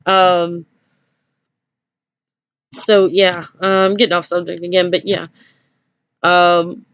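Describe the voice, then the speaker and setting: A woman's voice: on the low side, no echo. A woman telling a personal story in a casual vlog, hesitant, with many fillers and small nervous laughs. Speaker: vlogger. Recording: dry dull lo-fi home recording.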